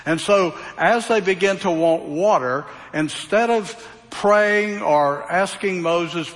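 Slow, folksy male preacher in a reverberant hall. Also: high-pitched, fairly bright tone. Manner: folksy, asks the congregation rhetorical questions. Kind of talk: sermon, verse-by-verse Bible teaching.

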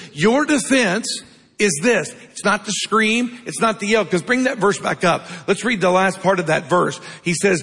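A man preaches to a congregation in a high, slightly husky voice. He keeps it conversational and calls for responses from the crowd, and his voice trails off into a long reverb from the hall. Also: fairly bright tone. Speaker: pastor. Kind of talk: sermon.

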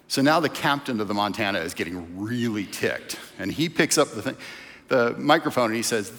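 A man's voice: lowish voice, animated, brisk, fairly bright tone. A man preaching a sermon in a church in a conversational, storytelling way. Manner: conversational preaching, tells stories. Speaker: pastor. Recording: long reverb of a church hall.

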